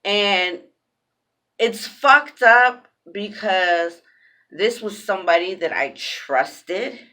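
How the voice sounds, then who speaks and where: A woman's voice: medium pitch, lively intonation, drawn-out words, pushed and bright. A woman telling a personal story in a casual vlog, cursing bluntly, repeating phrases for emphasis, raw and emphatic.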